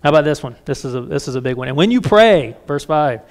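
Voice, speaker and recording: Middle-aged male pastor, conversational sermon, frank and self-mocking, slightly raised pitch. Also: quick pace. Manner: candid, self-deprecating, lively asides.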